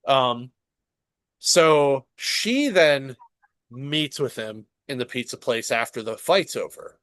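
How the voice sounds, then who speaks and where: A man co-hosting a casual podcast, excitedly retelling a show and acting out its dialogue, with frequent swearing. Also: mid-range voice, slow, dry recording. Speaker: podcast co-host.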